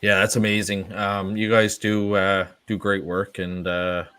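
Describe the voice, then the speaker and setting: A man's voice: fairly low pitch, level tone, a little slow, bright, forceful tone, clean tone, dry recording. A man hosting a podcast interview, asking curious, encouraging questions in a casual chat. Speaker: podcast host.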